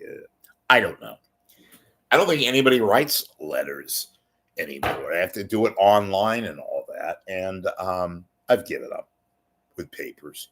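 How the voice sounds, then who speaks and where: Low-voiced man rambling jokily. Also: expressive, measured pace, long pauses, a bit bright. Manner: rambling, jokey, swears often, talks to viewers by name. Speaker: livestream host. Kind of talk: casual rambling monologue to a live chat.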